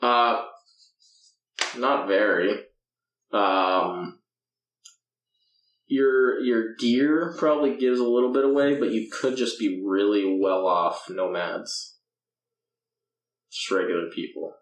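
A man narrating as game master of a tabletop game, laid-back and halting with fillers. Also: fairly low pitch, fairly even intonation. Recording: echoey room, far from mic.

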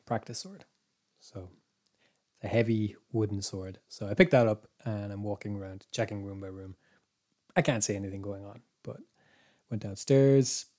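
A man's voice: on the low side, darkish tone. Hesitant man telling a story. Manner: meandering, hesitant, drops to whispers in quoted thoughts. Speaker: podcast co-host. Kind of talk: casual storytelling chat.

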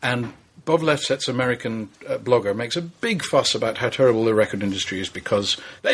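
Fast-talking husky man. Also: mid-range voice, expressive. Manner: opinionated, rapid explainer. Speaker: music magazine writer. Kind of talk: casual discussion.

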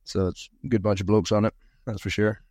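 A man's voice: on the low side, fairly even intonation, fairly quick, darkish tone, dry recording, clean studio sound. A man from Aberdeen with a Scottish accent, telling easygoing, self-deprecating stories as a podcast guest. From Aberdeen, Scotland. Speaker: podcast guest, rugby team captain. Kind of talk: casual interview storytelling.

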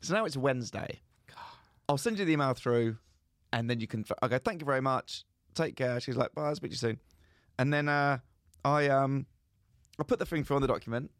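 A man's voice: mid-range voice, a little fast, no room sound. Man, podcast co-host, casual comic storytelling, voices other people in the story, dry recording. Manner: comic anecdote-telling, acts out both sides of calls.

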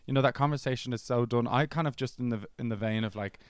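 Male podcast co-host, mid pitch, smooth and resonant, relaxed banter with a laugh. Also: quick pace, dry recording. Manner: chatty, laughs and swears freely. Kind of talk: casual chat.

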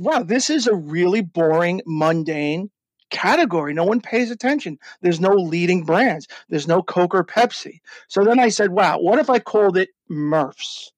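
An excitable man with a high voice, recorded dry and close, tells his story as an interview guest. He trips over his words and restarts often, then pushes on with enthusiasm. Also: dry recording. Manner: excited, with many stumbles and restarts. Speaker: guest, drink brand founder. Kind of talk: animated storytelling in a podcast interview.

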